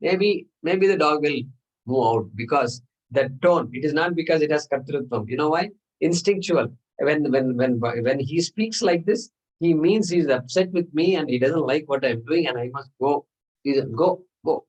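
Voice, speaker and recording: A man's voice: a little high, expressive, normal speed, darkish tone, muffled recording. A man teaching a scripture class, explaining patiently and repeating phrases, with Sanskrit terms mixed in.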